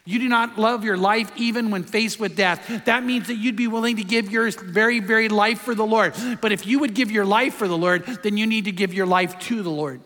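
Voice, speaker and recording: A man's voice: sits high, fairly quick, few pauses, fairly bright tone, big-room sound. A man preaching a sermon as a pastor, emphatic and full of rhetorical questions.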